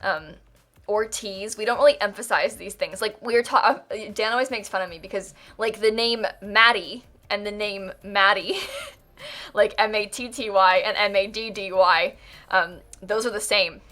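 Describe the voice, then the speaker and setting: A woman's voice: medium pitch, normal speed, fairly bright tone. A young woman from Florida with a General American accent, chatting casually with viewers on a live stream, giggling often and filling with ums and likes. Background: faint music.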